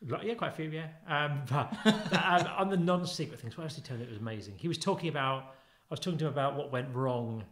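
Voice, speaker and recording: A man's voice: on the high side, lively intonation, fast talker, fairly bright tone. A man telling rambling stories in a casual podcast chat, full of restarts and fillers. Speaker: podcast guest or host. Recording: echoey room.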